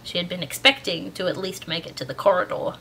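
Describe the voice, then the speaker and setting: A woman's voice: on the low side, fairly even intonation, fast talker, vocal fry, bright, forceful tone, slight background noise. A young Australian woman chatting casually with her viewers and reading a story aloud. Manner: chatty, upbeat, with fillers. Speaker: storyteller and channel host. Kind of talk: casual chat, then read story narration.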